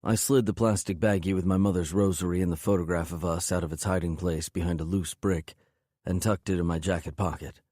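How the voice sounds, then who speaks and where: A man's voice: deep voice, fairly even intonation, a little fast, dark tone, no echo, clean studio sound. A man narrating an audiobook in first person, intense and brooding.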